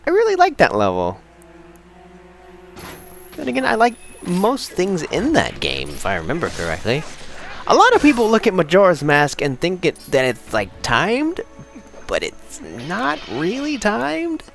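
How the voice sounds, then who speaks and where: Lively, chatty young man playing a game. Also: sits high, unhurried, vocal fry, soft background music. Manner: excitable, chatty, rambling with restarts. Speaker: let's play host. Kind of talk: casual gameplay commentary.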